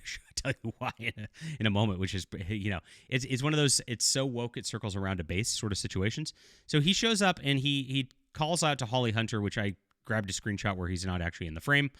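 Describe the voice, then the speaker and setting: A man's voice: on the low side, a bit bright, no room sound, studio quality. A middle-aged man giving casual video commentary as a TV show reviewer, blunt and critical, rambling with fillers.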